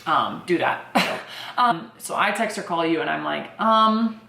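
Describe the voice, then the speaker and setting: Young woman rambling through her birth story, lots of "like"s, kinda low voice, echoey room. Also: normal speed, vocal fry. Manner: chatty, animated, many fillers like "like" and "um". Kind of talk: casual storytelling.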